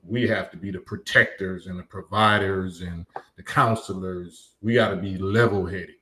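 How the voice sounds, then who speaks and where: A man's voice: low voice, fairly even intonation, moderate pace, pushed and bright, slight background noise. A man hosting a live stream, reading chat comments and lecturing emphatically, often repeating his points. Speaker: livestream host.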